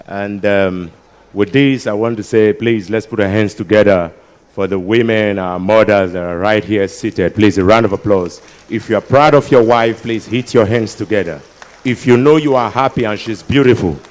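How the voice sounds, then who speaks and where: A man's voice: lowish voice, measured pace. Nigerian guy doing standup at a big ceremony, teasing the crowd, mixes in pidgin. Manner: banters with the crowd, slips into pidgin, sudden loud outbursts. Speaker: comedian at a ceremony. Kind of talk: stand-up comedy for a live crowd. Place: large ceremony before an audience.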